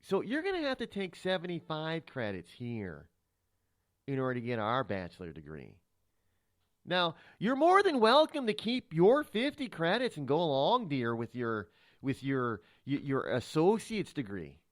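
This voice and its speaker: This is a patronizing college admissions official with a thick Minnesota accent, as a radio host puts it on. The voice is pitched up and drawn out in a lilting, sugary way. Each "dear" sounds sweet and condescending. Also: male voice, wildly swooping pitch, normal speed, dry recording, studio quality. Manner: syrupy, patronizing, calls you dear.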